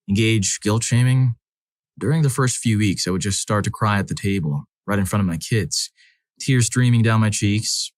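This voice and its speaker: Man, low voice, dry close sound, scripted first-person story narration, measured and earnest. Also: no echo.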